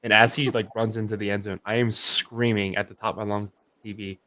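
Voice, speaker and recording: Animated young man telling game stories. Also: lowish voice, fast. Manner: animated storyteller, many "like" fillers. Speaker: co-host. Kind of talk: casual chat on a sports livestream.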